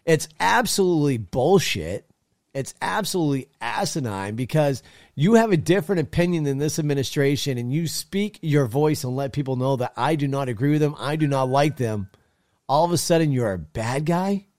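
A man's voice: fairly high pitch, lively intonation, moderate pace, a little mellow, dry recording, studio quality. A man hosting a call-in talk show, ranting bluntly and swearing freely. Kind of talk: opinionated political talk.

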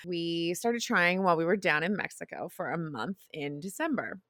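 A woman in her thirties hosts her own podcast and shares a personal story candidly, breaking into laughter again and again. Her voice sits a little low for a woman. It sounds close and dry, with no room echo. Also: expressive, moderate pace, a bit bright. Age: 30s. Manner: frank and confessional, laughs often. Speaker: podcast host.

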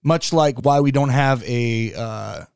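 Male co-host, mid-pitched, dry close recording, relaxed storyteller. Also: slow, gravelly, smooth, no room sound. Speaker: podcast co-host. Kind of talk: casual chat.

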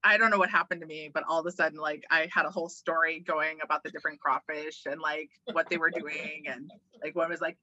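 A woman's voice: deep voice, fairly even intonation, fast talker, few pauses, pushed and bright, dry recording, highs cut off. A woman chatting playfully in an interview, laughing often and slipping into silly voices. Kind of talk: casual interview chat, trying out voices.

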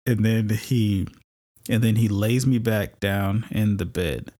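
With a fairly low, mellow voice and an unhurried pace, this podcast host, an adult married man with children, relates his own faith journey. The telling is chatty and story-like, full of fillers and laughs.

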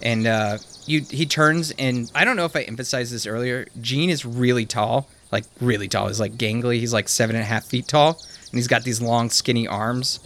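A man narrating a tabletop game as game master, casual, with quick asides. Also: mid-range voice, fairly bright tone, a little hiss or hum.

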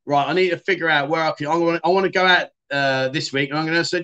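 A man's voice: a little high, steady tone, quick pace, hardly any pauses, pushed and bright, clean tone. A middle-aged man hosting a casual livestream, reading viewer comments and chatting in a self-deprecating way. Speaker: livestream host.

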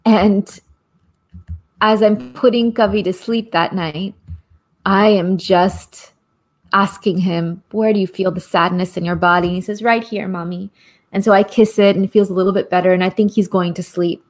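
A woman's voice: medium pitch, steady tone, normal speed. A woman in her forties telling a personal story in an impassioned, earnest way, repeating phrases in a rhythmic cadence. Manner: rhythmic, repetitive, earnest, with soft laughs. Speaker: guest speaker, activist.

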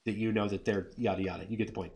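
A man's voice: fairly low pitch, fairly even intonation, racing. A man running a tabletop game as game master, describing the scene in a dry, offhand way.

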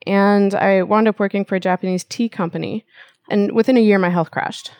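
A woman's voice: medium pitch, steady tone, brisk, darkish tone, dry recording. A woman guest telling a personal story and explaining with analogies in a casual interview. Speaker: acupuncturist guest.

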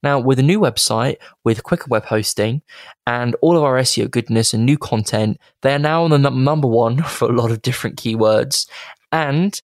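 A man's voice: mid-range voice, normal speed, no echo, studio quality. A man hosting a marketing podcast, talking in an enthusiastic, chatty and digressive way. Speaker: podcast host. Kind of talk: casual podcast monologue.

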